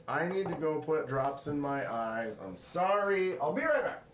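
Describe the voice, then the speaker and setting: A man's voice: on the high side, sing-song, measured pace, fairly bright tone, a little hiss or hum. A man hosting a casual livestream, reading viewer comments aloud and greeting people in the chat. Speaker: livestream host. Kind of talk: casual live-stream chat. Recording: roomy, echoey room sound.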